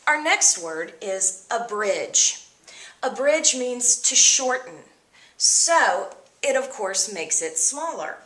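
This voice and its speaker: A woman teacher explaining vocabulary words to her students in an upbeat, expressive way. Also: on the high side, slow, echoey room. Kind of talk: vocabulary lesson.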